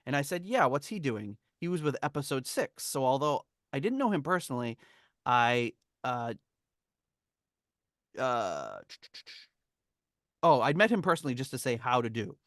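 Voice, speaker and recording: A man's voice: mid-range voice, big pitch swings, moderate pace, long pauses, fairly bright tone, no echo, clean studio sound. A man hosting a podcast, reading from a memoir and telling the story in a rambling, chuckling way. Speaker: podcast host. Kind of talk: casual chat, reading from a memoir.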